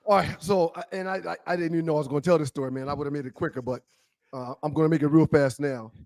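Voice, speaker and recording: A man co-hosting a talk show, telling an animated story and acting out a shouting cop. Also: a little high, fast, no room sound. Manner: acts out a cop's voice, loud and shouting.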